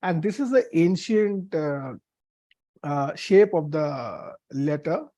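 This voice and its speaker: A man from India, teaching a Bible lesson on Hebrew letters in a halting way with many fillers. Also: fairly high pitch, expressive, mellow, no room sound.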